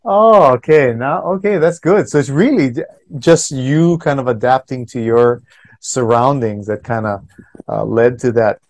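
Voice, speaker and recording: A friendly man hosts a relaxed radio interview. He poses long, meandering questions and chuckles now and then, with a voice of ordinary male pitch. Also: measured pace. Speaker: radio show host, interviewer.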